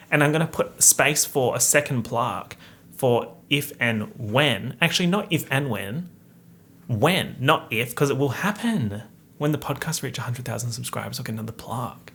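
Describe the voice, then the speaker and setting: A man's voice: mid-range voice, fairly bright tone. A young man, hosting a casual solo podcast chat full of playful slang and asides. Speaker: podcast host.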